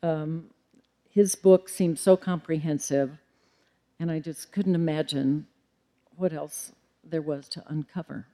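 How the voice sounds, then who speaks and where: A middle-aged woman, a librarian, giving a formal public lecture in a measured way with occasional ums and self-corrections. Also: low voice, fairly even intonation, warm tone.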